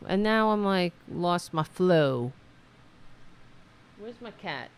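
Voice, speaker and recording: A woman's voice: fairly low pitch, animated, slow, clean tone. A woman hosting a political livestream from home, chatting casually to her viewers in a profane, rambling way. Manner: profane, rambling, talks to her audience directly. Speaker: host of a political talk livestream.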